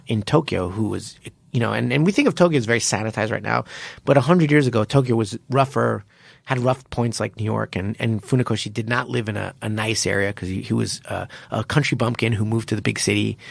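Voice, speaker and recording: A man with a gravelly, fry-tinged voice talks on a podcast, recorded close and dry. He tells stories animatedly, stumbling and restarting as he goes. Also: mid-range voice, no echo. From United States. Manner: animated storytelling with many restarts and fillers. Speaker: podcast host. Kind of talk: casual podcast chat.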